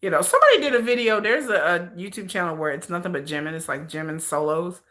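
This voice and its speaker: Animated, laughing livestream host woman. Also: fairly low pitch, fast talker. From United States. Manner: animated, laughing, chatty and slangy. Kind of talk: casual chat.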